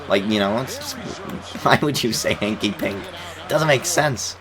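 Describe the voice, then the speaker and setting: A man's voice: fairly low pitch, animated, measured pace, fairly bright tone. A man in his twenties rambling casually in commentary over a basketball video game, repeating words and chuckling. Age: 20s. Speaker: gaming YouTuber.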